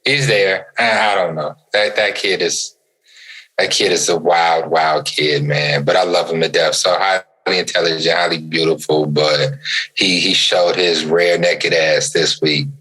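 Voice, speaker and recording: A man's voice: deep voice, measured pace, low-quality recording. A young adult man co-hosting a podcast, telling stories with lots of energy and often repeating his words. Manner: animated storyteller, stammers and repeats words. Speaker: podcast co-host. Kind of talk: casual chat.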